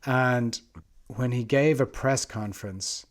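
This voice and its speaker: A man with a mid-range voice co-hosts a casual podcast. He tells anecdotes in an animated way and breaks into laughter often. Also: medium pitch, slow. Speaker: podcast co-host.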